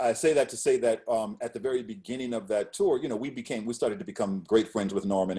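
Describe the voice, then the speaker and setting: A middle-aged man telling stories in a casual interview as a guest speaker. He acts out quotes with lively shifts. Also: fairly low pitch. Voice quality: animated storyteller, acts out quotes.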